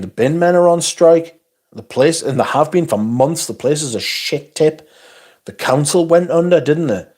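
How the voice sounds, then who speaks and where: A man hosts a casual livestream on a phone mic, reading viewer comments aloud and firing back blunt answers laced with swearing and asides. His voice is mid-range and a little mellow.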